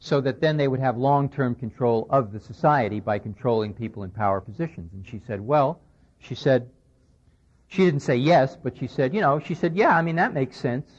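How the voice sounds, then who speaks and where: A man's voice: medium pitch, normal speed. A man giving a conversational lecture, recounting a conversation and speaking with emphasis, on an old radio recording. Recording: dull lo-fi 1990s radio recording.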